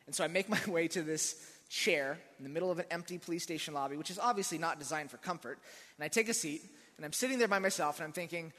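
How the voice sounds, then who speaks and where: A male pastor delivers a sermon in a relaxed storytelling way, slipping in dry humor. His voice is bright and a bit high. It rings out with the long reverb of a large hall. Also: quick pace.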